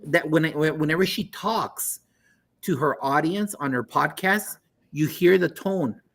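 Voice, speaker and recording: A man's voice: fairly high pitch, unhurried, vocal fry, fairly bright tone. A man hosting a panel chat, talking enthusiastically and restarting his sentences. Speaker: host.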